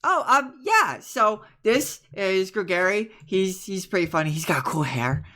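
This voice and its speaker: A man's voice: sits high, animated, pushed and bright, pitched above the performer's own voice, heavily acted. A man voicing a shy, eager young man who stammers and halts as he introduces his friends in a tabletop game. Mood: bashful. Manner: stammering, halting and bashful.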